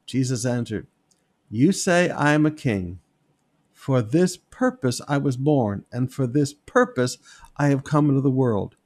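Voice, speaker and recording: A man preaching a sermon, reading scripture aloud and commenting on it in an animated, wry way. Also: medium pitch, unhurried. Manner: animated, wry, reads passages with emphatic quoted voices. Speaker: pastor.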